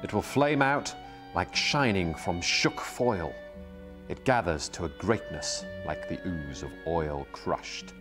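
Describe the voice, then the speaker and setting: A man giving a slow, dramatic reading of a poem, weighing each stressed word. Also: low-pitched, expressive. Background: soft music.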